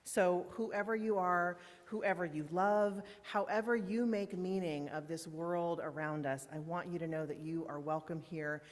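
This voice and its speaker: A woman minister speaks in a somewhat low voice to her congregation. Her welcome is informal and friendly, with fillers and the occasional lost place. The sound rings with the long reverb of a large church meetinghouse. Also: fairly even intonation, unhurried, hardly any pauses. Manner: warm, informal, with fillers and slips. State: emotional, holding back tears. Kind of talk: welcome and announcements in a church service.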